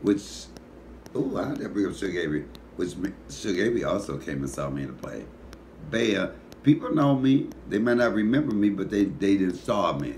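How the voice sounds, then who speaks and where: A man comedian talking in a casual comedic monologue, animated and profane, teasing his listeners. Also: low-pitched, fairly quick, a little hiss or hum.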